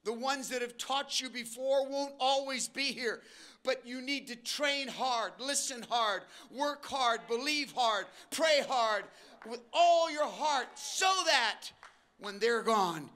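An older man preaching a sermon to his church, swinging between slow emphatic phrases and quick asides, and briefly acting out the voices of the people he describes. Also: extremely high pitch. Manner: preaching with sudden shifts in pace and loudness, acting out voices of listeners. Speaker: pastor. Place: church auditorium.

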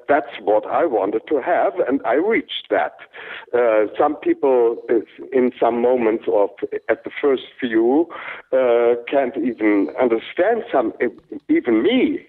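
An older man with a German accent, a German native speaker, speaking haltingly in an interview with many fillers and restarts. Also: mid-range voice. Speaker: interviewed actor. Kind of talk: casual interview talk. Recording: tinny phone-like sound.

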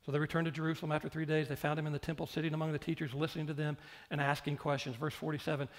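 A man's voice: on the high side, flat delivery, rapid-fire. A male pastor preaching a sermon, repeating phrases and putting questions straight to the congregation. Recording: long hall reverb.

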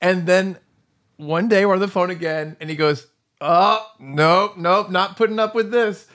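A man's voice: high voice, a little slow, fairly bright tone. A man co-hosting a podcast, telling an anecdote with acted-out quotes and giggles. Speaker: podcast co-host. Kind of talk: casual storytelling.

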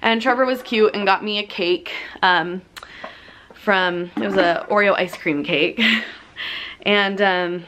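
A woman's voice: mid-range voice, takes it slowly, a bit bright, a little hiss or hum. A young woman in her late teens vlogging in a chatty, giggly way to her viewers, slightly out of breath. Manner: chatty, giggly, addresses viewers as you guys. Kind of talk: casual chat to camera.

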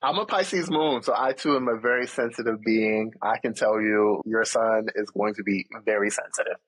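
A man's voice: fairly low pitch, normal speed, a bit bright, breathy edge, poor audio. A man, a therapist, talking in a casual chat with a confident, teasing, explanatory manner. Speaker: therapist, guest.

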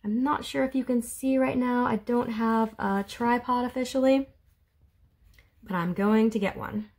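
A woman's voice: on the high side, steady tone, a little slow, darkish tone. Chatty Southern art teacher woman. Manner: friendly, chatty, explains while drawing. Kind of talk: home video art lesson for children. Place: home room. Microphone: phone camera.

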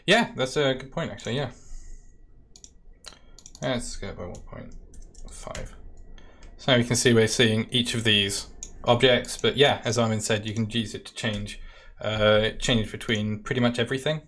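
A man with a British accent, casually talking through a software demo step by step in a live-stream Q&A. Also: mid-range voice, moderate pace. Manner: casual, talks through steps while clicking. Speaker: product specialist demoing software.

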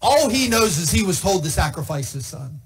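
A male pastor preaching a sermon in church, impassioned and playful, shouting and half-singing at peaks. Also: high-pitched, very animated, moderate pace, faint music behind.

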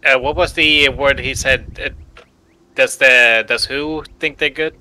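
A man playing a tabletop game, speaking haltingly with many fillers. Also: mid-range voice, steady tone, bright, forceful tone, a little hiss or hum, poor audio. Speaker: player.

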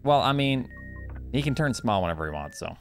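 A man's voice: mid-range voice, very animated, brisk, over music. A man streaming a game live, giving loose commentary with frustrated swearing and banter. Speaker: streamer and speedrunner.

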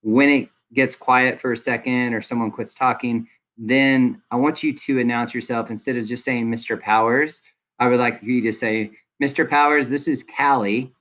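Young man, teacher, relaxed instructional talk, ums throughout. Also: medium pitch, moderate pace. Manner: casual, friendly, many ums. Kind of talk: recorded classroom instructions.

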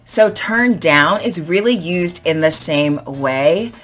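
Chatty low-voiced woman teaching vocabulary. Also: lively intonation, takes it slowly, over music. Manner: chatty, acts out example sentences, frequent "um". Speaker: English teacher. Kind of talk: casual explanatory vocabulary lesson.

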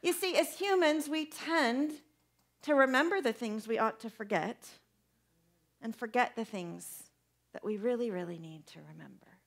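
This young woman preaching has a higher voice with some vocal fry and a moderate pace. Her sermon is conversational and animated, and she asks her listeners questions throughout.

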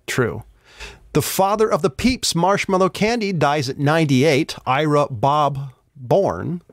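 A man's voice: fairly high pitch, expressive, unhurried, dry recording. Man reading headlines, dry sound. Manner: reads headlines aloud with asides, stumbles on names. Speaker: podcast host reading headlines. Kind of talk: casual news chat.

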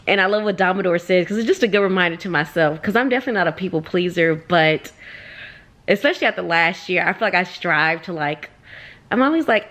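A young woman vlogger reacting to a book in excitable, slangy casual chat. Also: lowish voice, fast. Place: public place.

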